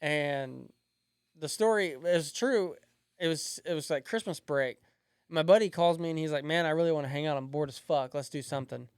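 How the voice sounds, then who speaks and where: A comedian guest with a smooth, resonant voice sitting a touch high for a man. He tells crude stories in a casual, blunt, profane way, chuckling as he goes. The sound is dry and close, with no room around it. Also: normal speed, no room sound. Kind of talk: casual podcast storytelling.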